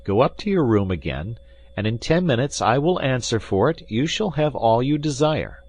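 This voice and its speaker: Casting: man playing a brash, commanding young swordsman, lively and loud. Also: medium pitch, normal speed, voice pushed up. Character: bold young male swordsman, quick-witted, commanding.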